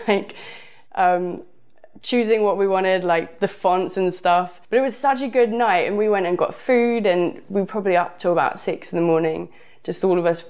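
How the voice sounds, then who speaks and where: A woman's voice: on the low side, a little mellow, smooth. A woman with a southern English accent telling a casual personal story, rambling with frequent fillers. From southern England.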